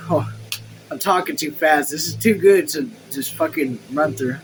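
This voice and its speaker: A man hosting a casual book read-along at home, reading the text and even the punctuation aloud, then breaking off into excited, swear-filled asides. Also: on the high side, normal speed, slight background noise, rough recording. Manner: reads quotes and punctuation marks aloud. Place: his room at home.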